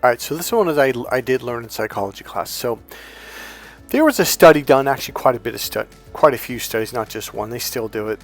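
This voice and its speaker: A man's voice: mid-range voice, animated, a little fast, soft background music. A man who is a dating coach, talking off the cuff to camera in a rambling, profane way and acting out grunts and crying babies.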